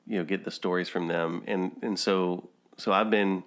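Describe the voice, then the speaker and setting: A man's voice: low-pitched, fairly even intonation, normal speed. A man, a podcast host, telling family stories in casual chat and laughing at his own jokes.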